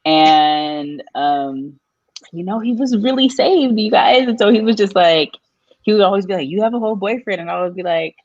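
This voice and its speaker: Low-voiced woman telling a story, lo-fi. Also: moderate pace, no echo. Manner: animated, jumps high in pitch when quoting people. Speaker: guest. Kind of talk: casual storytelling on a live podcast.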